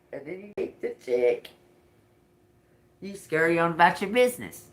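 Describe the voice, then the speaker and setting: A woman's voice: on the low side, big pitch swings, slow pace. A woman doing a live-streamed tarot reading, talking bluntly and profanely with folksy slang and frequent laughter. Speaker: tarot reader.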